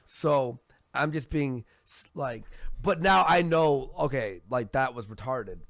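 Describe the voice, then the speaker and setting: A man hosting a livestream, chatting loosely and reading out donation messages with a laugh. His throat sounds sore and worn from a long night, and the mic is close and dry. His pitch sits in the middle. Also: expressive, slow pace, creaky, a bit bright, no echo. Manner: loose, joking, reads donation messages aloud. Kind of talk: casual livestream chat.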